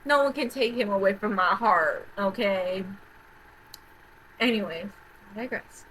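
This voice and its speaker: A woman vlogger in a casual, rambling rant, often repeating herself and swearing, swinging between loud outbursts and quiet mutters. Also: medium pitch, lively intonation, a little slow, slight background noise, poor audio. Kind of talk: casual rant about horror movies.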